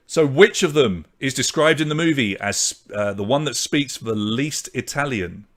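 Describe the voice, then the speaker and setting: Man, quiz host, brisk and chatty, mid-pitched voice, reads scores and answers. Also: animated, fairly bright tone. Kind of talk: online pub quiz hosting.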